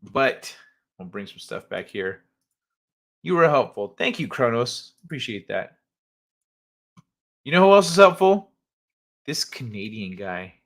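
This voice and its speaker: A man's voice: mid-range voice, big pitch swings, a little slow, long pauses, a bit bright. A man hosting a casual livestream, chatting with viewers in a laid-back, hesitant way with many fillers. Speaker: livestream host.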